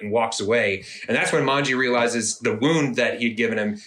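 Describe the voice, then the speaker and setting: A man's voice: mid-range voice, a little fast, few pauses, fairly bright tone. A man co-hosting a podcast, casually recapping anime episodes and acting out the characters' lines. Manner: laid-back storytelling, acts out characters' lines. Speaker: podcast co-host. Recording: roomy echo.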